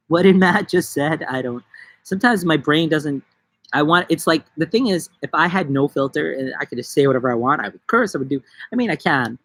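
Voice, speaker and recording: A man's voice: fairly high pitch, a bit bright, no echo. A man from New York hosting a casual live-stream chat outdoors in a busy city, rambling through goofy, jokey tangents into a phone camera. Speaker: livestream host.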